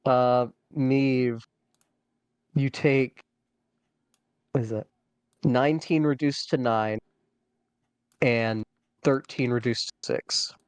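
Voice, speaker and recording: Man, game master, online call, matter-of-fact, mid pitch, dry close sound. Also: fairly even intonation, slow pace, long pauses, clear, resonant tone, no echo. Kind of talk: running a tabletop game over an online call. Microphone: online call microphone.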